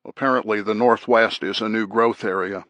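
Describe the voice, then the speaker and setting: A man voicing a blunt, gruff male sheriff in an audiobook. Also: lowish voice, fairly even intonation, moderate pace, fairly bright tone, no echo, lightly acted.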